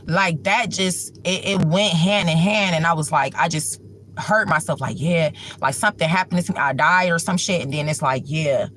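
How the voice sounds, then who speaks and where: A woman's voice: lowish voice, normal speed, a bit bright, slight background noise. A woman hosting a livestream, telling a personal story at home in a rambling way, full of filler words. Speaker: livestream host.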